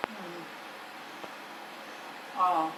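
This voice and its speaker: A woman's voice: on the low side, fairly even intonation, very slow. A woman vlogging casually from her home kitchen, chatty and enthusiastic with many ums and restarts. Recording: echoey room, distant mic, noisy.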